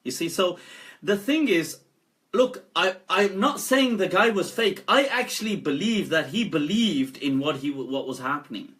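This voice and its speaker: A scholar talking casually on a live stream, animated and laughing often as he speaks. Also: high-pitched, normal speed. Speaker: Islamic scholar.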